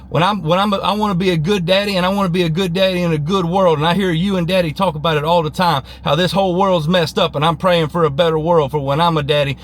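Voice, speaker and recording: A man's voice: high voice, close to an everyday voice. A man acting out an earnest little boy who sincerely explains why he was praying.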